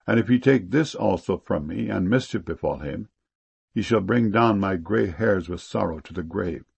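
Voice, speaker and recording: An earnest brother begs a ruler for mercy, as a man reads his plea from scripture. The voice is low and gravelly. The delivery is solemn and steady. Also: normal speed, full character voice. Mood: pleading. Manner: earnest, pleading. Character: pleading grown brother begging for mercy.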